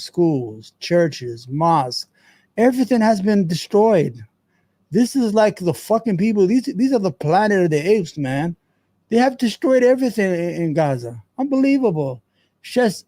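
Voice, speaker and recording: A man talks over clips as the host of a commentary show. His voice sits fairly high but sounds dark, and his talk is blunt, profane and rambling, with many restarts. The recording is dry. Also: dry recording. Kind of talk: casual commentary.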